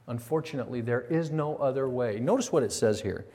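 A man's voice: mid-range voice, fairly quick. Preaching man in a reverberant hall. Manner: animated storytelling with acted quotes, rhetorical questions. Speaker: pastor. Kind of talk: sermon. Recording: long reverb of a large hall.

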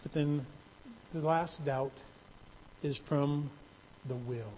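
A pastor delivers a sermon conversationally, building into emphatic, raised passages. His voice is a little high and a little mellow, at a slow pace. The low-quality recording carries slight background noise.

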